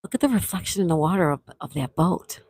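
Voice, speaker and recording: A woman's voice: lowish voice, expressive, quick pace, husky. A middle-aged woman hosting a casual outdoor livestream, reading viewer comments aloud and thanking them with sweet exclamations. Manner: soft-spoken with sweet exclamations. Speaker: livestream host. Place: outdoors near calm water.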